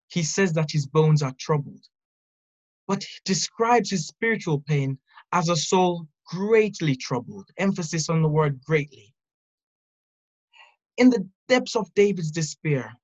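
A speaker giving an earnest, measured devotional Bible teaching, reading scripture and reflecting on it. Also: medium pitch, dull audio. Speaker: preacher.

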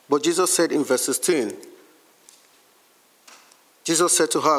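A man preaching a sermon, slowly reading and explaining scripture with emphatic, deliberate phrasing. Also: a little high, long reverb tail.

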